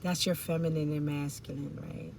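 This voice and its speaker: A woman's voice: sits low, flat delivery, moderate pace, gravelly, darkish tone, a little hiss or hum. A woman giving an intuitive tarot reading, musing aloud in informal slang with rambling asides and fillers. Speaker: tarot reader.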